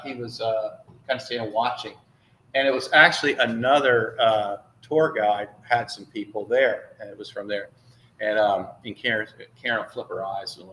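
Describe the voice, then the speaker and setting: Rambling priest in an echoey hall. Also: male voice, medium pitch, a bit bright, slight background noise. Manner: chatty, rambling storyteller with many fillers. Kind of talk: informal talk to a congregation with slides. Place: church hall. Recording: echoey room, faint ambience.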